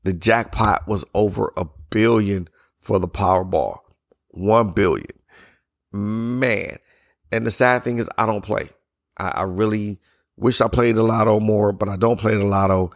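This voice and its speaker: Hoarse, blunt man podcasting solo. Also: on the low side, fairly even intonation, measured pace, no room sound, studio quality. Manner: blunt, opinionated, loose and conversational; yawning between sentences. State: hoarse, strained voice from yelling. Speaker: podcast host. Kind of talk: casual solo podcast monologue.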